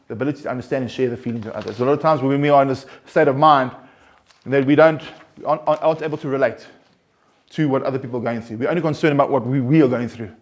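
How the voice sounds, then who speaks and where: A man counseling a recovery group, talking earnestly and conversationally, often restarting and pressing his points with rising emphasis. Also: medium pitch. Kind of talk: informal group talk.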